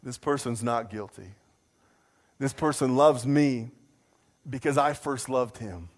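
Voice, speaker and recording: A man preaching a sermon, telling a personal story with self-deprecating humor and jumping into a high voice to mimic his own outrage. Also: slow pace. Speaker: pastor.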